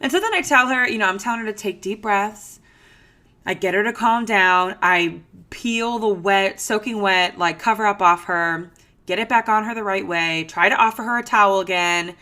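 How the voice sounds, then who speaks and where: A woman in her thirties hosting a podcast, telling a story in a chatty, animated way with lots of fillers. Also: mid-range voice, moderate pace. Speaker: podcast host. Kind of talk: casual storytelling monologue.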